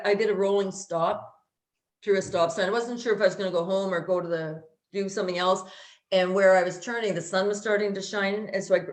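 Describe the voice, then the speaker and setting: A woman in an echoey room, talking at a middling pitch. She co-hosts a casual chat and vents bluntly, swearing without a filter. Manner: blunt, ranting, swears freely. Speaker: co-host.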